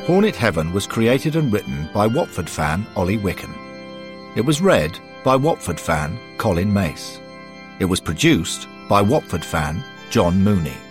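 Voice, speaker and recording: A man narrating a story in a measured, expressive way. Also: deep voice, in a large hall, music in the background. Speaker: audiobook reader.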